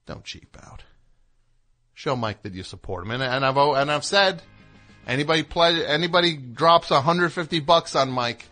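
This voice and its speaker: A man's voice: fairly high pitch, lively intonation, moderate pace, pushed and bright. A man hosting a radio show, rambling and joking in a digressive way as he chats and plugs music. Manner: digressive, chatty, plugs music between jokes. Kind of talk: rambling comedic radio talk.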